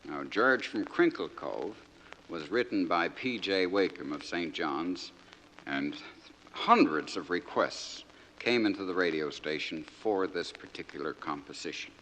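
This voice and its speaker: A man's voice: low-pitched, animated, unhurried, fairly bright tone, slight background noise, poor audio. A man entertainer introducing a comic song letter to his audience in a chatty way.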